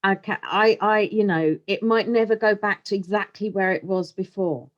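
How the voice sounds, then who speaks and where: A woman's voice: mid-range voice, moderate pace, muffled recording. A woman co-hosting a podcast, asking reflective questions and offering support in a casual chat. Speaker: podcast co-host.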